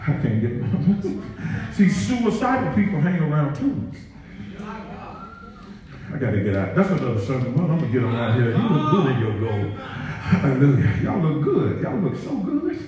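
In a large church sanctuary, a man with a mid-range voice preaches as pastor at normal speed, very animated. He plays with the congregation through joking asides and call-and-response. Recorded from far off in the very echoey hall, the audio is dull, with crowd noise.

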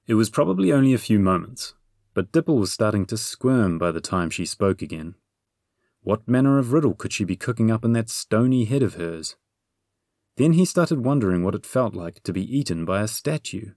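Low-voiced man narrating an audiobook. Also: expressive, no echo, studio quality. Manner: measured, gently humorous storytelling. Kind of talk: scripted fantasy narration.

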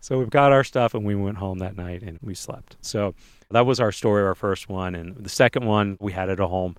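A man co-hosting a podcast tells a personal story in a casual interview, acting out other people's lines in quick little voices. His voice is lowish, clear and resonant, with no room sound.

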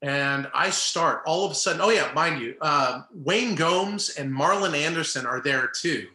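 Bright-voiced middle-aged man telling a story. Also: fairly high pitch, normal speed, roomy sound. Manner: animated, acts out quoted people. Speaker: former baseball player, guest. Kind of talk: casual storytelling.

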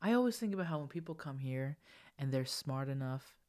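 A young woman co-hosting a podcast in casual chat, telling stories in an animated, giggly way and slipping into playful voices. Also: a bass voice, brisk. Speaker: podcast co-host.

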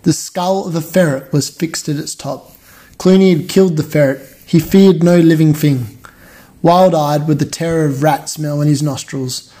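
A man reads a children's storybook aloud at a steady, measured pace and trips over the odd word. His voice sits somewhat high for a man, yet the tone is dark and mellow. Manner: steady, measured, with occasional stumbles. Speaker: reader. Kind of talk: reading a children's novel aloud.

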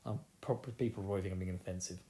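A man's voice: low voice, steady tone, racing, mellow. A man with an Essex accent recapping a fantasy novel in casual chat, joking, laughing and acting out characters' lines. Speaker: book recapper.

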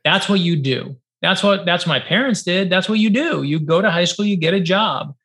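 A middle-aged man with a gravelly, slightly high voice tells stories animatedly, acting out what people said. He comes from New York and speaks as an author guest on a video-call podcast. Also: normal speed. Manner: lively, acts out quoted dialogue, many fillers of 'like'. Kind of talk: animated storytelling in a podcast interview.

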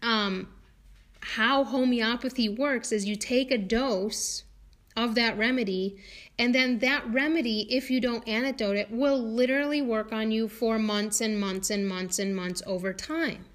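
A woman's voice: a little high, unhurried. Chatty woman, lots of ums. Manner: chatty, many fillers and restarts, laughs often. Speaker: homeopath and podcast guest. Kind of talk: casual conversational talk.

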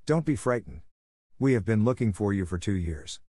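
A big, kind father figure, gentle and encouraging as he coaxes a child to talk, as a male reader voices him. He is recorded close, with no room sound. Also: on the low side, lively intonation, moderate pace, no room sound.

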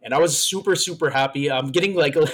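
Fast-talking with a fairly high voice, this man co-hosts a relaxed podcast and recounts a lengthy story. He rambles, repeating and circling back over his words, sounding emotional and slightly breathless.

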